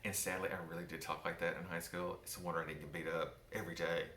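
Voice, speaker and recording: Southern man, softened accent, theatrical storyteller, bright tone, roomy sound. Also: low voice, little pitch movement, fast talker, a little hiss or hum. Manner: wry, theatrical, with joking asides to the listener. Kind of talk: personal storytelling from his book. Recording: roomy echo.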